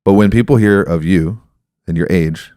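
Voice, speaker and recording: A man's voice: deep voice, normal speed, dark tone, no echo, clean studio sound. A man in his thirties hosting a podcast, telling a story and explaining ideas in a reflective, casual way. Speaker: podcast host.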